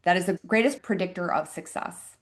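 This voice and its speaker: A woman physician in her fifties, a podcast guest telling a personal story in a reflective, expressive way with wry asides. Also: on the low side, fairly quick. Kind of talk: conversational interview storytelling.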